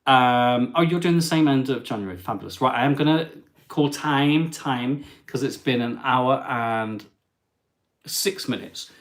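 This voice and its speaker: A man hosting a casual live travel stream, chatting and reading viewer comments aloud in an animated way. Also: mid-range voice, a little slow. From England.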